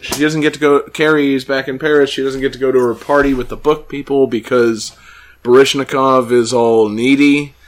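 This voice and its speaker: A man co-hosting a casual podcast, recapping a TV episode sarcastically, laughing often and acting out the characters' lines. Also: mid-range voice. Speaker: podcast co-host.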